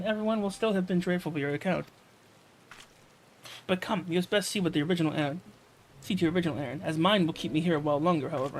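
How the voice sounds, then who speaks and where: A man's voice: high-pitched, a little hiss or hum, rough recording. A man reading a formal, dutiful game soldier. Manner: formal, stilted read-aloud delivery.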